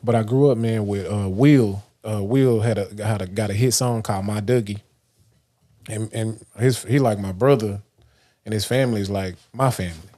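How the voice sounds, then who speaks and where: A man's voice: fairly low pitch, moderate pace, warm tone. Man from Dallas giving casual pep talk. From Dallas, Texas. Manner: loose and rambling, many restarts and fillers. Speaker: livestream host. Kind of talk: casual motivational monologue.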